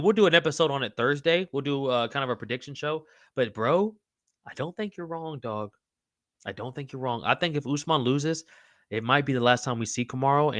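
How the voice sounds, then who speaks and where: A man's voice: medium pitch, sharp tone, no echo. A man hosting a casual livestream podcast, reading chat aloud in a loose, slangy, profane way. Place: home room with wall signs.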